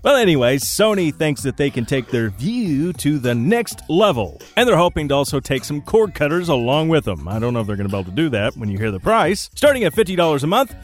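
Playful, animated male tech-news host. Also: on the high side, brisk, few pauses, faint music behind. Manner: jokey, teasing, swings between mock voices and plain reading.

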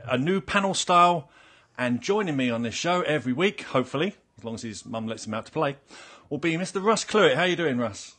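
A man's voice: a little high, animated, a little fast, a bit bright. A man hosting a casual panel podcast, chatty and teasing, often restarting his sentences. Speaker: podcast host.

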